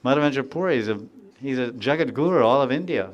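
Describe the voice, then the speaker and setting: A man giving a devotional lecture, reciting verses and explaining them phrase by phrase with pauses and repetition, lifting his voice when he quotes heartfelt pleas. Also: expressive, muffled recording. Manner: rises in pitch and volume when quoting heartfelt pleas; frequent pauses with fillers. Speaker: spiritual teacher.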